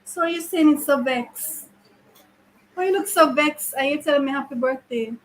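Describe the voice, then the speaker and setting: A woman's voice: high-pitched, moderate pace, slight background noise, poor audio. A woman teacher, chatting playfully with her pupils in a classroom and teasing them with questions. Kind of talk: casual chat with pupils.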